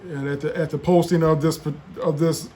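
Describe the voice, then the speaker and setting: A man preaching as an apostle, relaying revelations in a slow, solemn voice with frequent restarts. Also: on the high side, flat delivery, warm tone, slight background noise. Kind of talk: preaching testimony and prophecy.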